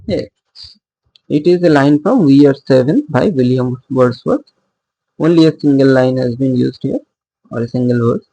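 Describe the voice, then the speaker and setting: A man's voice: mid-range voice, normal speed, creaky, pauses often, dark tone, poor audio. A man teaching poetic meter in a recorded lecture, patiently repeating points and checking in with "okay". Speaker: literature teacher.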